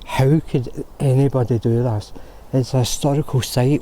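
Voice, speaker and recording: A man rants with fury in an outdoor vlog, his voice dark and mellow. Faint outdoor noise sits behind him. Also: mid-range voice, fairly even intonation, moderate pace, hardly any pauses. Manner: outraged, ranting, swearing. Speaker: paranormal vlogger. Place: graveyard outdoors.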